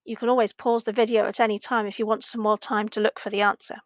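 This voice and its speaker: A woman teaching a recorded primary language lesson, speaking slowly and clearly and repeating each sentence for young learners. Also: medium pitch, little pitch movement, dry recording.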